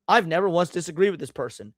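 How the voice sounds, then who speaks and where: A man's voice: fairly high pitch, animated, fast, no room sound, clean studio sound. A man hosting a live stream, reacting to clips with blunt, profane, emphatic rants. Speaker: streamer host.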